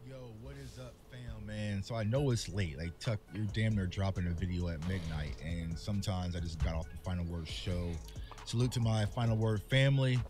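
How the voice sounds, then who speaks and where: A man's voice: fairly low pitch, normal speed, music in the background. Impassioned man talking straight to fans. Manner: impassioned, candid, calls viewers "y'all". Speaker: sports content creator. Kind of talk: emotional vlog monologue to fans.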